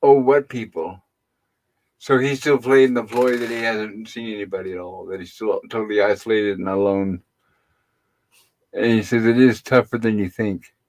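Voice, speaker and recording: A middle-aged man hosting a casual live stream, retelling a TV episode in a rambling way with pauses and fillers. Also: lowish voice, fairly even intonation. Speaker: host.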